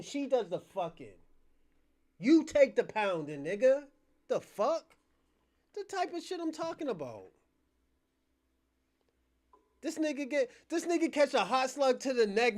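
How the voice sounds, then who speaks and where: A man's voice: extremely high pitch, darkish tone. A man hosting his own channel, ranting at his chat in a profane, combative, mocking way. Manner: mocking, laughs between jabs. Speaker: channel host. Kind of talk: livestream rant.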